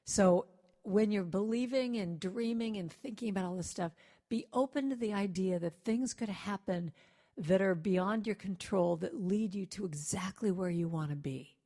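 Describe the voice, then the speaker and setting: A woman giving an inspirational talk to a congregation, gentle and conversational, who breaks into lively acted-out quotes. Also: medium pitch, normal speed. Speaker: guest speaker and singer.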